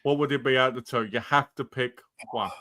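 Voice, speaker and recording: A man's voice: medium pitch, fairly even intonation, fairly quick, sharp tone, no echo, clean studio sound. A man co-hosting a casual chat, pressing with direct questions. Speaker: co-host.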